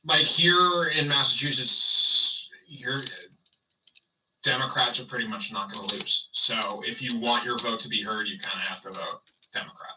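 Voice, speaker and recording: A man's voice: mid-range voice, moderate pace, recorded from a distance, background noise. A man livestreaming in casual chat, rambling and sarcastic as he talks to his viewers.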